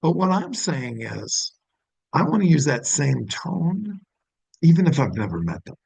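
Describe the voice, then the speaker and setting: A man's voice: on the high side, very animated, a little slow, gravelly, darkish tone, husky, no echo, rough recording. A middle-aged man giving a sales training talk, often acting out upbeat phone greetings to show the right tone.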